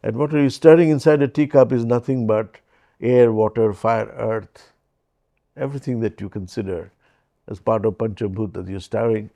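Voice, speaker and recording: Mellow, gravelly male storyteller. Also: fairly low pitch. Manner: unhurried, story-driven, gentle humor. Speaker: speaker on leadership and mindfulness. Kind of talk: reflective storytelling talk.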